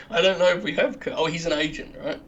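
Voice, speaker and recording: A man's voice: fairly high pitch, wildly swooping pitch, moderate pace, a bit bright, dull audio, slight background noise. A man co-hosting a casual game stream, making dry, wry jokes and asides to the viewers. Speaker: co-host. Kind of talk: casual chat while playing a game.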